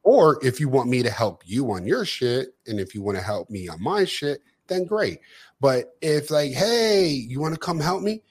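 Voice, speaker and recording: A man's voice: mid-range voice, very animated, moderate pace, a little mellow, breathy edge. A man co-hosting a podcast, ranting and acting out both sides of conversations. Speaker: podcast co-host. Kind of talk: casual chat.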